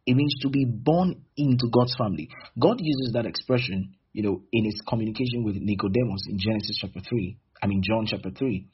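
A man's voice: medium pitch, highs cut off, slight background noise. A man preaching a sermon emphatically, acting out little dialogues between people as he teaches.

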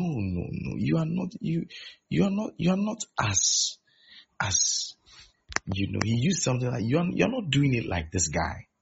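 Male preacher, low husky gravelly voice, dull lo-fi recording, acts out quotes mid-sermon. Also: a bit bright.

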